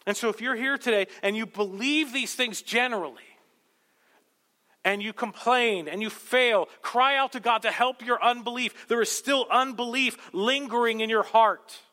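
A man's voice: extremely high pitch, normal speed, sharp tone. A male pastor preaching a sermon in a church, impassioned and building to emphatic peaks. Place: church sanctuary. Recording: long reverb of a large hall.

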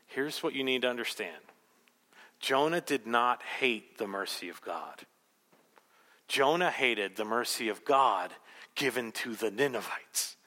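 A man preaching a sermon, emphatic and rhetorical, telling the story with animated asides. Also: mid-range voice, unhurried, long reverb tail. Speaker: pastor.

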